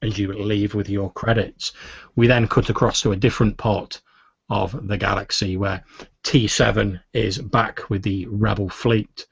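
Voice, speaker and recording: A man narrating a tabletop role-playing game as game master, in a relaxed, storytelling manner. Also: fairly low pitch, measured pace, creaky, husky, dry recording. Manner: relaxed storyteller, many fillers. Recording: dull, dry lo-fi audio.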